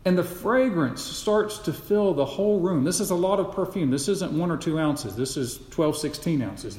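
Male pastor, dramatic storyteller, lively and fairly high, echoey sanctuary. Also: moderate pace. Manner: dramatic storytelling, swings from loud to hushed. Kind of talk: expository sermon. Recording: echoey church hall.

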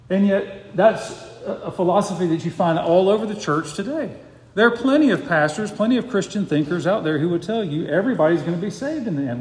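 A man's voice: sits high, a little mellow. A man preaching a sermon as pastor, earnest and emphatic, pressing his points with rhetorical questions. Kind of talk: expository sermon. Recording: echoey hall with long reverb.

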